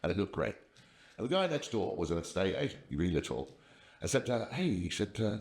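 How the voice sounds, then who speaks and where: A man's voice: medium pitch, big pitch swings, fast, darkish tone. An older man telling rambling business anecdotes in a casual interview, with lots of restarts. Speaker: podcast guest, software company founder. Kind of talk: casual conversational storytelling.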